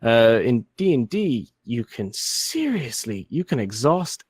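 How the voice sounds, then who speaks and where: A man co-hosting a gaming podcast, asking and musing in a thoughtful, halting way. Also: medium pitch, very animated, slightly rough, no echo. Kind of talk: casual chat.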